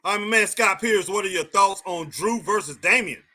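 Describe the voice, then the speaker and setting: Sitting high and sounding pushed and bright, a man talks at a moderate pace on a casual wrestling live stream. He addresses the chat directly, answering viewers and saying things more than once.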